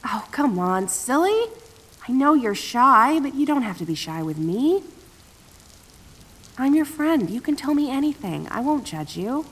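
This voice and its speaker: A young woman voicing a playful, protective female kitsune friend in an audio role-play, teasing and cheerful with a soft, reassuring side. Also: high-pitched, sing-song, a little slow, breathy edge, full character voice.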